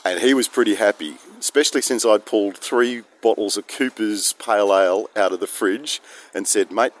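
A man's voice: lowish voice, normal speed. An Australian man telling a rambling, self-deprecating story outdoors, recorded on a phone. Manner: chatty, self-deprecating, digressive. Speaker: vlogger. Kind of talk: rambling casual monologue. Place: outdoors in misty rain.

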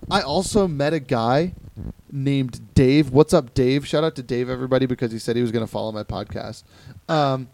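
A man's voice: medium pitch, normal speed, gravelly, slight background noise. A young man from Ohio hosting a podcast, telling stories in a casual chat and acting out the people he quotes. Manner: animated storytelling with quoted voices. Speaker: podcast host.

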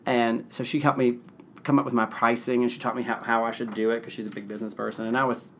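A man in his thirties from the Nashville area tells stories in a loose, rambling way as an interview guest. He gets excited easily and laughs as he talks, and his voice sits at an ordinary middle pitch for a man. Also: fast talker, a little hiss or hum. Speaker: event planner, interview guest. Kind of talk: casual storytelling interview.

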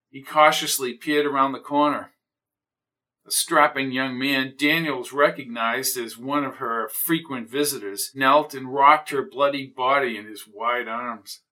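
A man narrating a mystery audiobook in a measured, steady storytelling manner. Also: mid-range voice.

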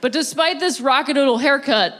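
A woman's voice: high voice, fairly quick, a faint crowd. Self-mocking woman doing stand-up comedy. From Ohio, USA. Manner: deadpan punchlines with laughing, self-mocking asides. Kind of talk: stand-up set. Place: comedy venue with a live audience.

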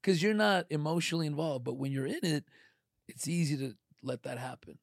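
A middle-aged man in casual podcast chat, animated and acting out quoted voices. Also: fairly high pitch, fairly quick, gravelly, no echo, clean studio sound.

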